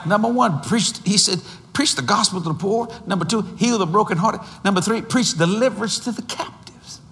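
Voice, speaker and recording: A man in his sixties preaching a sermon, animated and storytelling, with sudden shouts and slow, drawn-out emphasis on key phrases. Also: high voice, in a large hall. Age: 60s.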